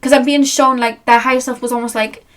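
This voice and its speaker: A woman giving a pick-a-card tarot reading, talking to the viewer in a rambling, earnest, gently reassuring way. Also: on the high side, fairly even intonation, a little fast. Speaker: tarot reader and channeler.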